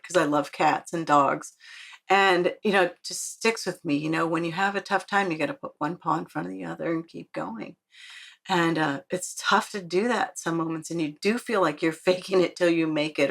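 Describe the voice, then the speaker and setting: A woman's voice: on the low side, fairly bright tone. A woman author as an interview guest, chatty and earnest, laughing often and acting out the quotes in her stories. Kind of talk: casual interview storytelling.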